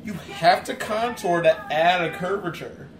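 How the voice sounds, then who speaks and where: A man's voice: sits high, a little slow, a bit bright, a little hiss or hum. A man co-hosting a podcast, riffing crudely and joking over a movie. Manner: crude, joking, breaks into bits. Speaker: podcast co-host.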